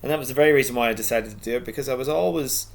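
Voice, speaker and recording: A middle-aged man reads his own short story aloud in a reflective, unhurried way. He wanders off into asides, restarts sentences and circles back to the tale. His voice sits at an ordinary mid pitch for a man. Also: creaky. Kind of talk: casual reading with asides.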